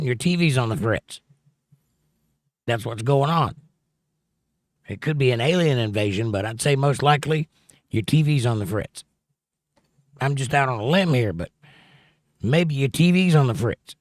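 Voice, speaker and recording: A man's voice: mid-range voice, dry recording, clean studio sound. A middle-aged man hosting a live stream, chatting casually with his viewers in a sarcastic, joking, folksy way.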